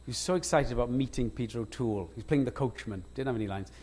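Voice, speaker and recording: Welsh man telling animated anecdotes. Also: medium pitch, rapid-fire, a little hiss or hum. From Wales. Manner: animated anecdotes, laughs often, self-interrupting restarts. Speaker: guest actor. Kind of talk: on-stage storytelling conversation. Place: lecture stage before an audience.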